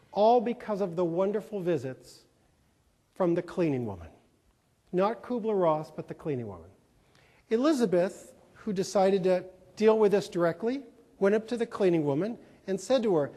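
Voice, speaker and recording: A man's voice: high voice, mellow. A man giving a folksy, humorous storytelling talk to a conference audience. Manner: folksy, humorous, with quoted voices. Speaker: keynote speaker. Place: large conference hall. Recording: reverberant hall.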